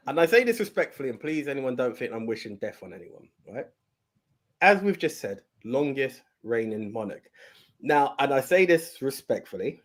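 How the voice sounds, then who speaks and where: A man co-hosting a podcast, talking earnestly and at length, often repeating and restarting his phrases. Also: mid-range voice. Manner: earnest, rambling, repeats himself. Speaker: podcast co-host. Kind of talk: casual podcast chat.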